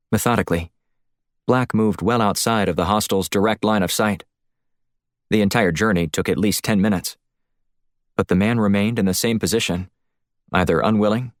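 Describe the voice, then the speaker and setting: A man reading a thriller audiobook in a steady, even storytelling voice, recorded close on a studio mic. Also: fairly low pitch, no echo. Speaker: audiobook narrator. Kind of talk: scripted narration.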